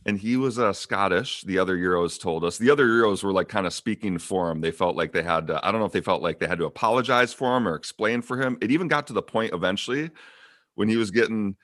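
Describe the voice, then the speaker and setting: A man hosting a casual gaming podcast, an animated storyteller with many fillers. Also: lowish voice, fast talker, no echo, studio quality. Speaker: podcast host.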